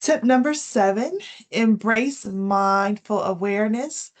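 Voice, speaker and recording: A woman giving a health education talk on self-care, explaining each tip in a gentle way with casual fillers like "um" and "you know". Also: medium pitch, slow. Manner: reads from prepared points, then explains in her own words. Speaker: wellness presenter.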